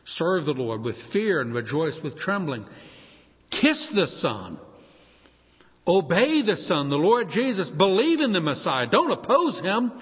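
A man's voice: sits high, big pitch swings, a little slow, husky. A man preaching a sermon, reading scripture aloud and explaining it verse by verse. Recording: echoey hall, dull lo-fi sound.

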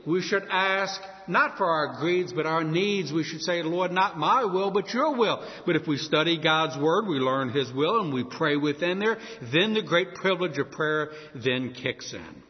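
A man's voice: fairly high pitch, lively intonation. Emphatic male preacher in a reverberant hall. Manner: emphatic, slows and rises on key words. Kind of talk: sermon. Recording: dull sound with long hall reverb.

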